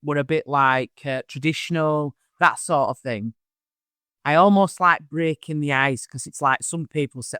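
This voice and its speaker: A man, a medium being interviewed, telling stories in a chatty, animated way. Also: fairly high pitch, normal speed, clear, resonant tone, no echo, studio quality. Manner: chatty, animated, acts out voices in anecdotes. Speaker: medium, podcast host as guest. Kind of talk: casual interview storytelling.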